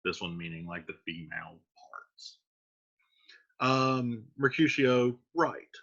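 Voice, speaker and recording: A man explaining a play in a relaxed, chatty classroom manner, with frequent fillers. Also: mid-range voice, takes it slowly. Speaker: teacher. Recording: dull lo-fi recording.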